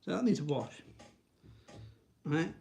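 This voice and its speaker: Casting note: male vlogger, gravelly fry, rambling chatty delivery full of restarts. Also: animated, slow, warm tone, slight background noise. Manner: rambling, restarts, frequent "right?"; high sing-song baby talk to his dog. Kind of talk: casual chat to camera.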